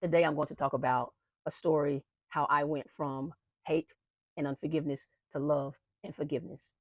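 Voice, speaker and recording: A woman with a fairly low voice shares a personal faith testimony straight to her viewers. She speaks earnestly, repeats key phrases for weight and calls her audience "y'all." The sound is close and dry. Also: fairly even intonation, moderate pace, no room sound. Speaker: founder of an abuse-awareness movement, host.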